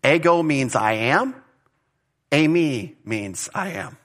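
A man's voice: fairly high pitch, very animated, slow pace, fairly bright tone. A man teaching a Bible study in an informal, conversational way, with asides and restarts.

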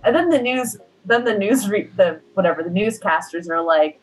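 A young woman co-hosting a podcast, rambling through a movie recap, swearing and acting out the characters in quick quoted voices. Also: mid-range voice, animated, poor audio. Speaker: podcast co-host. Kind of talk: casual movie recap chat.

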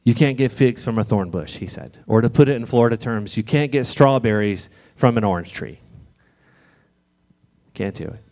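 A man preaching in church in a conversational, gently reassuring way, sometimes reading scripture aloud. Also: medium pitch, expressive, normal speed. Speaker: pastor. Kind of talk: sermon.

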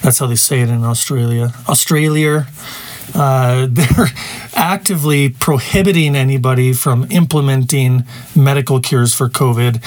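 A man's voice: mid-range voice, normal speed, a little mellow, dry recording. A man hosting a podcast, talking in a rambling, conversational monologue with asides. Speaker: podcast host. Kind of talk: casual opinion monologue.

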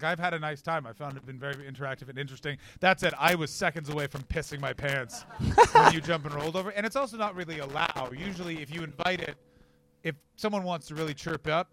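A brash man with a high, bright, forceful voice, riffing and swearing through live Q&A banter. His stays plain throughout. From Canada. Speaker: comedian, guest.

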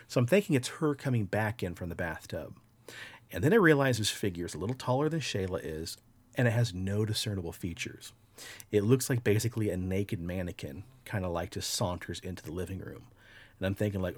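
A podcast host tells a story casually, swearing freely and getting animated. His voice sits a little low, and the recording is dry and close. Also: dry recording. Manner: relaxed, profane, animated storytelling.

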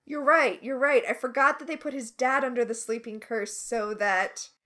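A woman co-hosting a casual recap chat, animated and sarcastic with quick asides. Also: on the high side. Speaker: podcast co-host.

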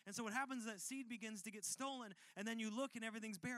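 A man's voice: very high voice, rapid-fire, hardly any pauses, bright, forceful tone, no room sound. A man preaching a sermon as pastor, earnest and repetitive, acting out quoted voices.

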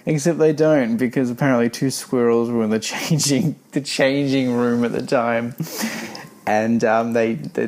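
A man's voice: medium pitch, darkish tone. A man giving a rambling, sarcastic spoken review of a children's horror book.

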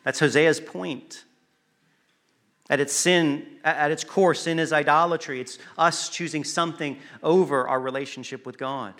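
A man preaching a sermon, earnest and emphatic, pausing to stress words and sometimes restarting a phrase. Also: a little high, steady tone, a bit bright.

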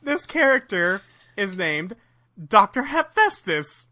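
A podcast co-host in casual chat, retelling a cartoon episode in an animated way and laughing often. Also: medium pitch, slow, a crowd in the background. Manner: animated storyteller, laughs often, retells scenes with quoted voices.

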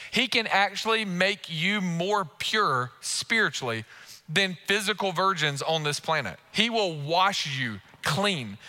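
A male pastor delivers an impassioned sermon in a high, ringing voice with a strikingly bright tone. He drives his points home by repeating them. He acts out the prayers and inner thoughts of his listeners. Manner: impassioned, emphatic preaching with repeated phrases.

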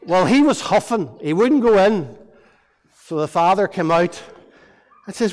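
High-voiced preacher in an echoey hall. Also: male voice, unhurried, pauses often. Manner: lively, playful storytelling to children. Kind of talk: all-age sermon storytelling. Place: church.

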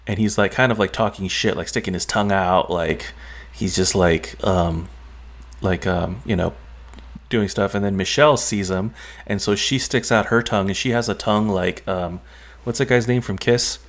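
Rambling low-voiced man telling a story. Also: normal speed. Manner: rambling, heavy on "like" and "um". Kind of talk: casual chat, recounting a dream.

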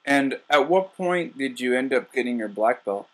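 A man interviewing a guest in a relaxed, friendly way. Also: medium pitch, normal speed. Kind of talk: casual interview questions.

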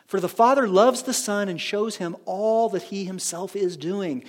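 A man preaching a sermon as pastor, animated, with frequent restarts and asides to the congregation. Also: high-pitched, normal speed, big-room sound.

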